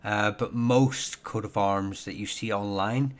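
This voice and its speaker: A man's voice: fairly low pitch, fairly even intonation, unhurried. A man hosting a casual live Q&A stream on surnames and heraldry, talking in a hesitant way full of ums and self-corrections. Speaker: livestream host answering viewer questions on Irish surnames.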